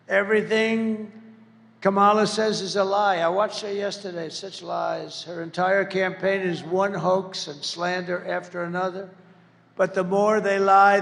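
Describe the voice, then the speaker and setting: A man's voice: high voice, vocal fry, fairly bright tone. A man giving a boastful, rambling campaign rally speech, mocking his opponents as he goes. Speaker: political candidate. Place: large rally venue. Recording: echoey hall, faint background noise.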